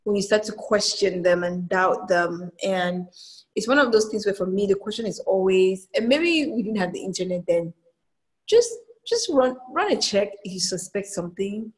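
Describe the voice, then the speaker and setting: A woman hosting a podcast who asks probing, engaged questions. She talks quickly, in a casual way, with a mid-range voice. Her background is in law. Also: medium pitch, expressive. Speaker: podcast host, former lawyer. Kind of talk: conversational interview.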